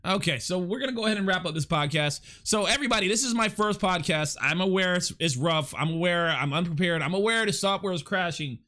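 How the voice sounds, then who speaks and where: A man's voice: high-pitched, expressive, fast talker, hardly any pauses, bright, forceful tone. A young man hosting his first live podcast, chatting casually and rambling, stammering as he reads out and answers viewers' chat. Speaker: live podcast and stream host.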